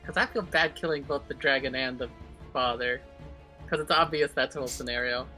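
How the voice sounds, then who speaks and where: A man's voice: mid-range voice, fairly even intonation, fairly quick, bright, forceful tone, faint music behind. A man playing a tabletop game, thinking aloud and hesitant as he decides his moves. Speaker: player. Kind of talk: casual tabletop play.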